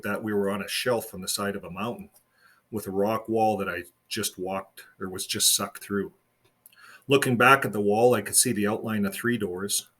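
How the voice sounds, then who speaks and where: Casting: author-narrator, a man with a husky, mid-pitched voice, reading his novel aloud. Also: fairly bright tone. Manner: plain first-person storytelling.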